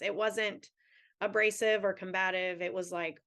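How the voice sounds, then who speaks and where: A woman's voice: medium pitch, normal speed, bright, forceful tone. A woman in her thirties, a teachers' union president, answering questions at a town hall in an earnest, candid way with long run-on thoughts.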